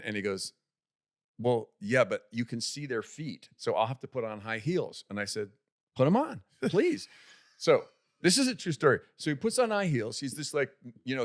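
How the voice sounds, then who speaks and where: A man tells a comic story on a podcast at an average pitch. He stumbles and repeats words as he goes, and he slips into the voices of the people in his tale. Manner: restarts and repeats words often. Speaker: podcast guest. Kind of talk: comic anecdote telling. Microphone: podcast studio microphone.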